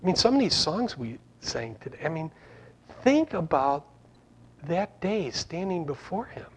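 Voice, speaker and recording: A man's voice: a little high, very animated, a little slow, slightly rough. A man preaching an informal sermon to his congregation, rambling and conversational with frequent restarts. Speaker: pastor.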